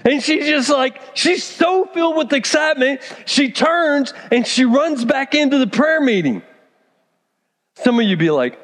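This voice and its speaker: Brief: high-pitched male pastor, animated sermon storytelling, long reverb of a church hall. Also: a little slow. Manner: animated storytelling, acts out characters.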